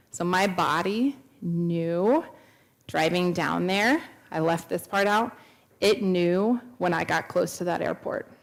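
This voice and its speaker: An earnest woman in her thirties shares a personal testimony in a church. Her voice sits a little low, and she acts out the dialogue she quotes with lively turns. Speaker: speaker at a church. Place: church sanctuary.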